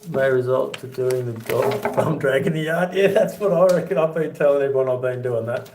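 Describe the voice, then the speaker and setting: A man's voice: mid-range voice, a little fast, a little mellow, slight background noise. Chatty Australian man yarning in an echoey room. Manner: chatty, laughs through his own yarns. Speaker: livestream host. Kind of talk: casual storytelling livestream. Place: home with boxed-up rooms.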